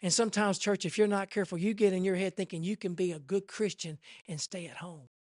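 A man preaching a sermon in an impassioned, repetitive way that swells toward near shouting. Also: sits high, steady tone, fast, dry recording, clean studio sound.

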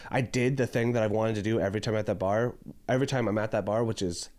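A man co-hosting a podcast in casual chat, telling an animated story full of swearing and acted-out voices. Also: on the low side, fast. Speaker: podcast co-host.

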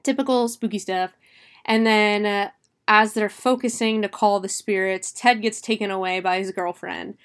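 A young woman casually recapping a horror film, chatty and animated, swearing freely. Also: mid-range voice, moderate pace, clean tone. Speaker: movie reviewer.

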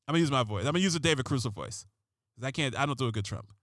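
A man's voice: mid-range voice, expressive, rapid-fire, a bit bright, dry recording. A man doing a sarcastic, rambling comedic monologue as host, often restarting his sentences.

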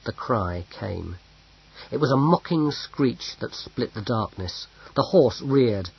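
A man reads a story aloud at a slow, measured pace. His voice is husky, with a medium pitch. The recording is dull and lo-fi. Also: expressive. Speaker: audiobook narrator. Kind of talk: scripted narration. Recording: dull lo-fi audio.

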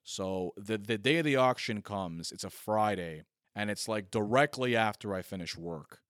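A man in his thirties tells a loose, funny story, piling up "like" and poking fun at himself. His voice sits on the low side. The sound is dry and close, with almost no room echo. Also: moderate pace, fairly bright tone. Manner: rambling, heavy on filler "like", self-mocking. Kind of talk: casual comedic storytelling monologue.

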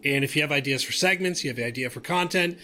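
A man co-hosting a casual sports podcast, excitable and animated, with stammering restarts. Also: mid-range voice, fast talker. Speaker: podcast co-host.

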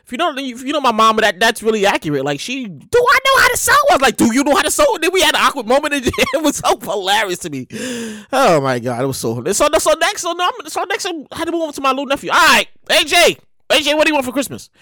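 A woman hosting her show and telling a comic story, animated and profane, repeating herself for effect. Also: high-pitched, fast, no echo, studio quality. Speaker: show host.

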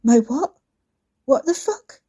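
A woman's voice: high voice, animated, slow, mellow, voice pushed up. A woman voicing a frightened, furious young woman who stammers with tension, in a storybook reading. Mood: defiant. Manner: stammering, tense.

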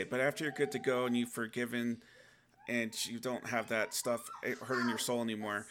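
A man's voice: medium pitch, fairly bright tone. A man giving an earnest, rambling talk about faith, often restarting his sentences.

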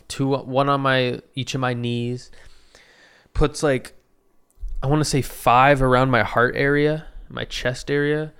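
A man's voice: medium pitch, fairly bright tone, clean tone. A man in his twenties casually telling a rambling, profane story about his own day, with self-deprecating asides.

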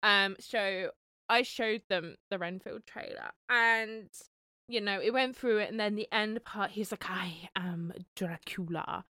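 A young woman co-hosting a podcast in casual chat, excitable and gushing, with casual swearing. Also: mid-range voice, measured pace, smooth, no echo, clean studio sound. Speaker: podcast co-host.

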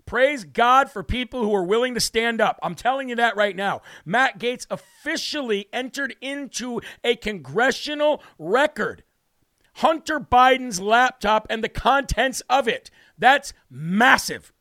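A worked-up man rants through a political talk-show monologue, brash and combative. His voice sits high for a man, recorded dry and close with no room sound. He stacks repeated declarations one after another. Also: lively intonation, a little slow, sharp tone, dry recording. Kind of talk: heated political commentary monologue.

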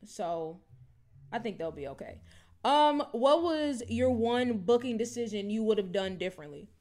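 Chatty woman podcast co-host. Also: moderate pace. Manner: chatty and animated, many fillers like "like" and "low-key". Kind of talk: casual wrestling chat.

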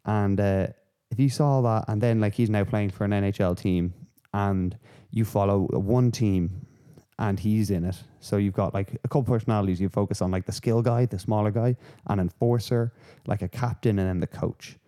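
A man hosting a podcast, rambling through casual, sweary, animated rants. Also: on the low side, normal speed, few pauses, clear, resonant tone. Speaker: podcast host. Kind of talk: casual chat.

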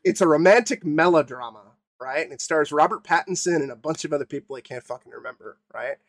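A young man co-hosting a podcast, ranting with swearing and halting restarts. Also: on the high side. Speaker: podcast co-host. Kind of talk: casual podcast chat.

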